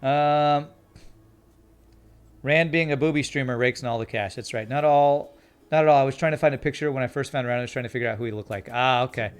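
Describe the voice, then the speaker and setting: A man's voice: mid-range voice, fairly quick, clean tone. A man from Canada streaming a video game, reading chat and playing up an overly polite, apologetic manner. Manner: mock-polite, cheery and apologetic.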